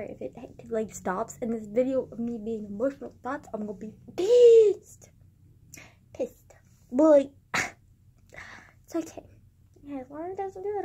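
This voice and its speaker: Teen girl, high voice, casual vlog rant, sighs and gasps, lots of fillers. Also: darkish tone. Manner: emotional and scattered, with frequent sighs and gasps; filler-heavy, restarts often. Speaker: vlogger.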